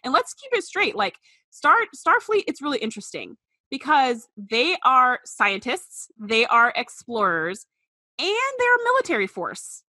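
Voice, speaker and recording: Young woman podcast co-host, bright higher voice, chatty, dry close mic. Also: huge pitch swings, no room sound. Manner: chatty, quick asides, laughs often. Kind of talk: casual chat.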